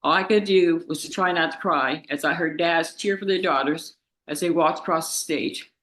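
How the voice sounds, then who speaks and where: Tearful young woman, bright voice. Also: deep voice, rough recording. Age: about 20. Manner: tearful, halting, grief-stricken, with restarts. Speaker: victim's daughter giving an impact statement. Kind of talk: reading a victim impact statement in court. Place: courtroom.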